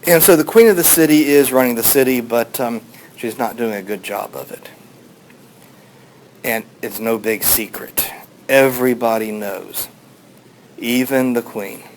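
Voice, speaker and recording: A man's voice: mid-range voice, a little slow, pauses often, poor audio. A man teaching a class, telling an old story in a rambling, casual way with many fillers. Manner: rambling, with fillers, playing voices in quotes.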